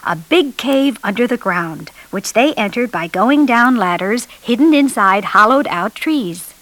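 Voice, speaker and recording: A woman reading a children's storybook aloud in an expressive, animated way, lifting her voice for the children's lines. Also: a little high, no room sound, poor audio. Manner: lively expressive read-aloud, raising her voice for children's dialogue. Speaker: storybook narrator.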